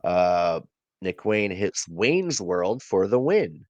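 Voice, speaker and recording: A man with a low voice co-hosts a wrestling podcast, casually recapping a show at an unhurried pace. He laughs easily and fills his relaxed review with plenty of ums and uhs. The lo-fi recording has no room sound.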